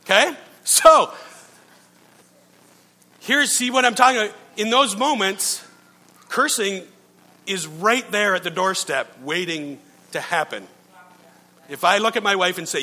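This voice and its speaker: A middle-aged male pastor preaching in a relaxed, conversational way, telling stories, poking fun at himself and often checking in with his listeners. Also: sits high, measured pace, pauses often. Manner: storytelling, checks in with listeners, self-mocking. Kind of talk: conversational sermon. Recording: long reverb from a large hall.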